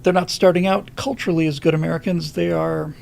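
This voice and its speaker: A man's voice: a little high, fairly even intonation, a little fast, vocal fry, a little mellow. A man hosting a live stream, giving a rambling monologue of political commentary with lots of fillers and restarts.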